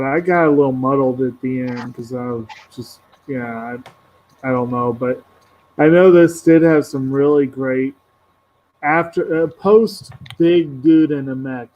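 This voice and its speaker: A man's voice: medium pitch, a little slow, a little mellow, slight background noise, low-quality recording. A man in a casual movie chat, rambling as he recaps scenes. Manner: rambling, acts out character quotes.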